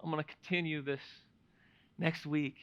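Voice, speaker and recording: A man preaching a sermon as a pastor, moving between hushed, reflective passages and loud, emphatic declarations. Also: fairly high pitch, little pitch movement, normal speed, dull audio. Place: church sanctuary.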